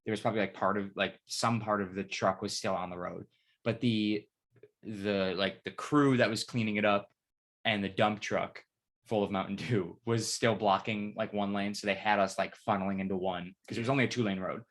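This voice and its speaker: A young man co-hosting a casual podcast, with a voice that sits a bit on the low side. He rambles through his stories with plenty of swearing and gets animated as he retells them. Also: normal speed. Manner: rambling storytelling, heavy swearing, lively retelling. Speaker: podcast co-host. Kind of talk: casual chat.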